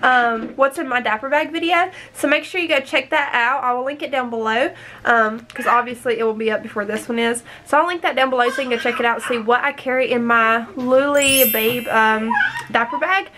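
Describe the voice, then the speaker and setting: A woman's voice: a little high, fairly quick, sharp tone, a little hiss or hum. A young woman in her twenties chatting casually in a home vlog, upbeat and rambling. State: out of breath. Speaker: vlogger.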